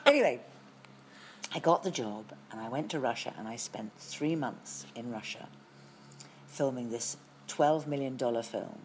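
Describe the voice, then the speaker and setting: Middle-aged british actress w a low voice spinning long stories, lots of restarts, faint hiss behind. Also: female voice, unhurried, pauses often. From Britain. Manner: lively storytelling with frequent restarts. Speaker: actress as guest. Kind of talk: anecdotal interview chat.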